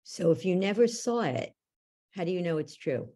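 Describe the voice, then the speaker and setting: A woman coach, husky dark voice, steady direct questions as she guides someone through an exercise. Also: fairly low pitch, moderate pace. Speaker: belief-change coach, guest. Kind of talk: guiding a belief exercise in a podcast interview.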